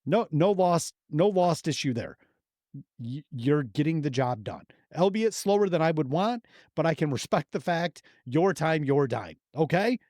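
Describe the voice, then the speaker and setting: A man's voice: a little high, expressive, a little mellow, no room sound, studio quality. A man in his forties co-hosting a podcast, chatting casually, swearing often and working himself up into heated rants. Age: 40s. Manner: profane, heated ranting, quick to laugh. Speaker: podcast co-host.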